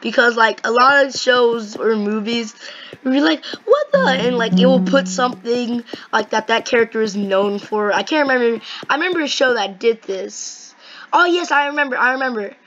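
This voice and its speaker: A woman chatting casually and rambling excitedly while playing a game. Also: a little high, normal speed, muffled recording. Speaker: gaming video host. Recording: noisy home mic recording.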